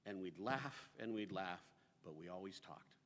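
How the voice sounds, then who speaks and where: A man's voice: low voice, expressive, moderate pace, fairly bright tone. A man reminiscing fondly about a friend in a memorial speech. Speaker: eulogy speaker. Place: memorial service hall. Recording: reverberant hall.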